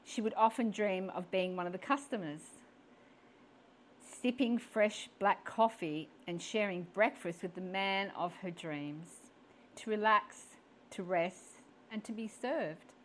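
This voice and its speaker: A woman reads a story at a slow, unhurried pace, breaking off now and then for a soft laugh and a personal remark. Her voice sits at an ordinary middle pitch. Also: a little hiss or hum. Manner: chuckling asides, personal comments.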